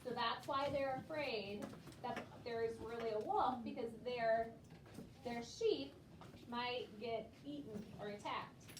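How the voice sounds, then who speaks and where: A woman's voice: fairly high pitch, slow. A woman teacher leading a class read-aloud, patiently prompting children word by word in a classroom. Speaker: elementary school teacher. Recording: echoey room, distant mic, background noise.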